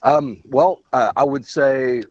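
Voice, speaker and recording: A man calling into a radio show, hesitant and halting as he speaks. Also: mid-range voice, darkish tone, dry recording. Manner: hesitant, many ums and restarts. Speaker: caller. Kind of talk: phone call into radio show. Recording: dull lo-fi phone line.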